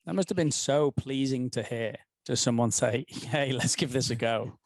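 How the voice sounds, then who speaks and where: A man hosting an interview, excitable and blunt, swearing freely as he asks questions. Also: mid-range voice, moderate pace, no echo. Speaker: interviewer, host. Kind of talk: casual interview chat.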